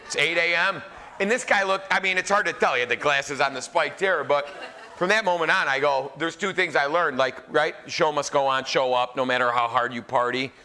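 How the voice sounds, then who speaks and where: A man in his forties, a chef, telling funny stories live to a crowd in a casual, animated way. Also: fairly high pitch, fairly quick, a little hiss or hum. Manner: animated, joking, filler-heavy. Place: live event venue.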